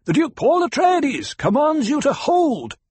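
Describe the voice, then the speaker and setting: A man's voice: mid-range voice, lively intonation, normal speed, slightly rough, no room sound, voice pushed up. A man reading an audiobook, voicing a young duke who barks commands at armed fighters. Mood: shouting commands. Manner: commanding, shouting orders. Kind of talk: audiobook character voice.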